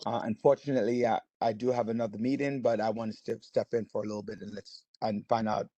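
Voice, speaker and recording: A man's voice: lowish voice, little pitch movement, fast talker, mellow, no room sound, muffled recording. Man chairing a meeting, hesitant and upbeat. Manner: hesitant, filler-heavy, good-humored. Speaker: community board chair. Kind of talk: casual meeting remarks. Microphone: video call mic.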